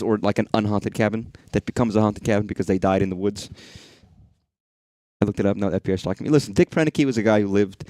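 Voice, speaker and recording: A man's voice: lowish voice, a little mellow, no echo. A man streaming a horror game, rambling and swearing freely as he talks to the things on screen. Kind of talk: casual live-stream commentary.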